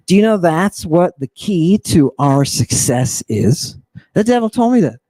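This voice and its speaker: A man's voice: a little high, big pitch swings, unhurried, dark tone, no echo. A man hosting an impassioned lecture, fiery and provocative, firing rhetorical questions at his listeners. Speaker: host and lecturer. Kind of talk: impassioned lecture on ancient texts.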